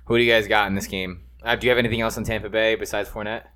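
Fast-talking wisecracking man, very low voice. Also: little pitch movement, sharp tone. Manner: wisecracking, crude jokes. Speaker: podcast co-host. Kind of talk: casual sports chat.

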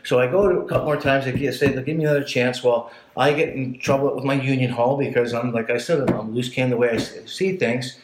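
Man, candid storyteller, swears freely, mid-pitched, roomy mic sound. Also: fast, hardly any pauses, slight background noise. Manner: blunt, swears a lot, animated when retelling scenes. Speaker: guest telling his life story. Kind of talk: casual storytelling chat.

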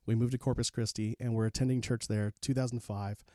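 A man's voice: medium pitch, level tone, quick pace, warm tone, no room sound, clean studio sound. A man in his forties, a podcast guest, candidly recounting his life story with plenty of fillers and restarts. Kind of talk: personal storytelling in an interview.

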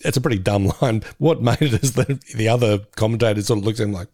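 A man's voice: lowish voice, fast, darkish tone, no room sound, clean studio sound. A man co-hosting a podcast in casual chat, laughing often and fond of slipping into voices. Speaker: podcast co-host.

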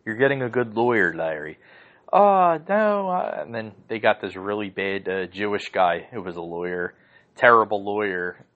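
A man's voice: fairly low pitch, moderate pace, fairly bright tone, muffled recording. A man hosting a podcast from home, ranting casually and heatedly, swearing often and rambling through lots of fillers. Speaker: podcast host. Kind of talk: casual rant.

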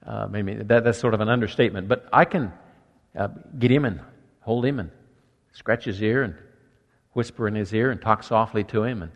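An older man preaching a sermon as pastor, emphatic, with quiet softer asides. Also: fairly low pitch, fairly quick. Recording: long echo of a church hall.

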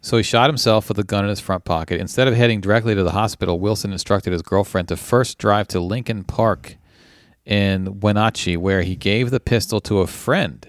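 A man's voice: on the low side, fairly quick, no room sound, clean studio sound. A man hosting a casual podcast, reading news stories aloud and joking about them in a laid-back way. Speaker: podcast host.

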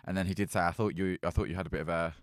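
A young man from Britain co-hosting a casual chat, talking loosely with lots of fillers and quick laughs. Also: deep voice, fairly even intonation, clean tone, dry recording, studio quality. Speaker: podcast co-host.

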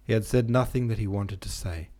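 A man with a very deep voice narrates a classic novel for an audiobook. His reading is steady and measured throughout. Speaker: audiobook narrator and podcast host.

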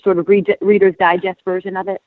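A male interview host with a notably high voice, asking halting questions that he keeps rephrasing. The sound is dry and narrow, like a phone line. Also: flat delivery, no echo.

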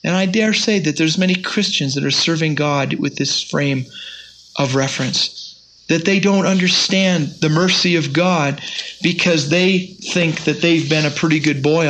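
Man, Bible teacher, sermon, fairly high voice, emphatic scripture reading, faint background hiss. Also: fairly bright tone. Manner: reads scripture aloud with rising emphasis.

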